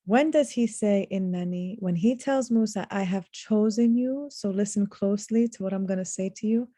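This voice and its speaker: A woman giving a reflective religious lesson, speaking earnestly, slowing down to stress key words and reciting short Arabic verses. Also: medium pitch, dark tone, no room sound, studio quality. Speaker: Quran teacher.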